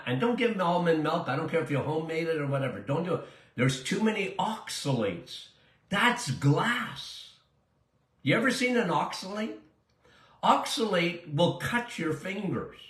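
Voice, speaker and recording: A man's voice: a little high, fairly bright tone, echoey room. An older man, a doctor answering listener questions in a chatty, emphatic way that drifts into tangents. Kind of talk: casual call-in style Q&A monologue.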